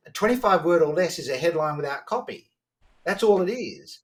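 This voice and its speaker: A man, a podcast guest telling stories about sales in a lively conversational way, often restarting his sentences. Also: fairly high pitch. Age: 50s. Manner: animated, quick to act out dialogue, frequent restarts. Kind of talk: conversational storytelling.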